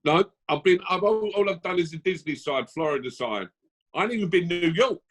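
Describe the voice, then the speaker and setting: Teasing, animated man host. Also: high-pitched, brisk. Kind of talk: casual chat.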